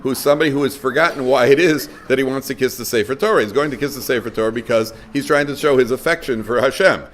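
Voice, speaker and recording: A middle-aged man, a rabbi lecturing a live audience, telling stories lively and acting out dialogue. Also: mid-range voice, quick pace.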